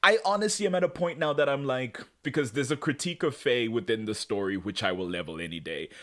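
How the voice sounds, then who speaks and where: A man co-hosting a casual podcast, recapping a TV show, animated and laughing as he acts out characters' lines. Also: medium pitch, fast talker. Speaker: podcast co-host.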